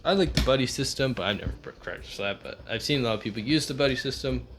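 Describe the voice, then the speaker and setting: A young man co-hosting a casual card-collecting video, explaining things in an easygoing, halting way. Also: medium pitch, background noise. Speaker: co-host. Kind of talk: casual hobby vlog.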